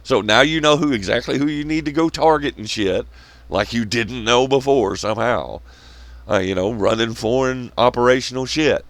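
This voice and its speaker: A man's voice: mid-range voice, moderate pace, no echo. A man hosting his own channel, delivering a profane, sarcastic ranting monologue and mocking others in scornful quotes. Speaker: channel host.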